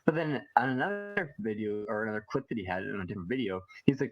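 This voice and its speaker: A man from Canada co-hosting a casual live chat, animated and laughing, with frequent swearing. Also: fairly low pitch, fast talker, few pauses, soft background music, low-quality recording. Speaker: co-host.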